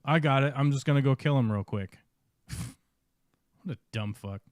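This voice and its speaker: A man's voice: mid-range voice, normal speed, no room sound. Man muttering dry gameplay commentary. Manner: casual, muttering, wry. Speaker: streamer. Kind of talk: casual live gameplay commentary.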